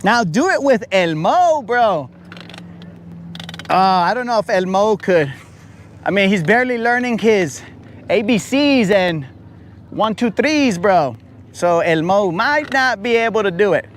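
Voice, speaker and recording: A man streaming live from a fishing boat on a lake, joking with his chat in a slangy way, his voice a bit raspy from talking. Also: high voice, lively intonation, a little slow, a little hiss or hum. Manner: slangy, joking, talks to chat as bro and dog.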